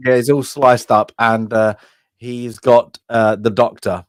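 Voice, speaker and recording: A man's voice: mid-range voice, flat delivery, a little slow, no room sound. A man co-hosting a casual film review chat, rambling and acting out lines from scenes with bursts of laughter. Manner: rambling, acts out characters' lines loudly with laughs. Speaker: film podcast co-host.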